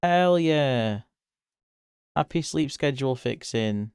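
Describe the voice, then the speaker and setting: Close, dry audio without any echo captures a live-drawing streamer whose smooth, clear voice moves at an easy pace. He chats loosely with viewers, laughs a lot, swears without restraint and now and then bursts into shrill, excited squeals.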